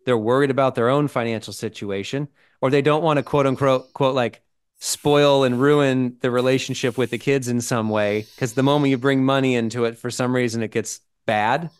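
A man's voice: mid-range voice, steady tone, moderate pace, clear, resonant tone. A man co-hosting a podcast, explaining ideas in casual chat and checking in with "right?" and "okay?". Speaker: podcast co-host.

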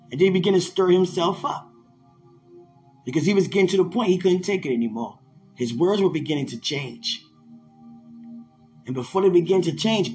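Brief: emphatic male preacher, lifted voice, soft music behind. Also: sits high. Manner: fervent, emphatic, laughs at times. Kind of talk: sermon-style podcast talk.

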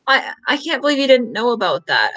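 A man's voice: very high-pitched, big pitch swings, pushed and bright, low-quality recording. Male podcast host, casual, rambles and stammers. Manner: rambling, stammering, quick to laugh. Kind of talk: casual chat.

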